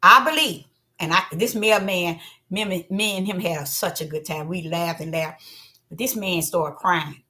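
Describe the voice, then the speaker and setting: A woman preaching an animated sermon, who acts out voices and swings between low murmurs and loud cries. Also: measured pace. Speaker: self-styled prophetess. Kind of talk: preaching monologue.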